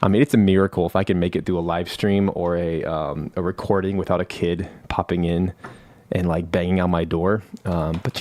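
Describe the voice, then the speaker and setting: A man hosts a casual live stream from his home studio while fighting a cold. His voice sits a little low, and he talks in a rambling, self-deprecating way. The vocal mic gives a dry, close sound with no room echo. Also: flat delivery, fairly quick, darkish tone. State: has a cold. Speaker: live stream host and composer. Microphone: studio vocal mic through a manual analog mixer.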